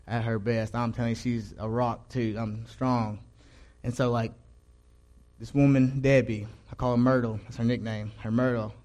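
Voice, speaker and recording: A young man who leads a church choir, giving a casual personal faith testimony, rambling with restarts and quoting his own thoughts in a hushed voice. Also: medium pitch.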